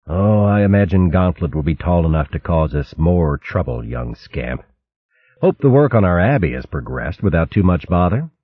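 A man voicing a calm, steady male mouse warrior who speaks with dry humor. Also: sits low, normal speed, breathy edge, dry recording, narrow, tinny audio, heavily acted.

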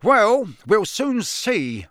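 Man voicing a middle-aged male wizard official, blustering, barking, accusatory, lively pitch. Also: unhurried, no echo, studio quality, full character voice. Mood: accusing. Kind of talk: audiobook character voice.

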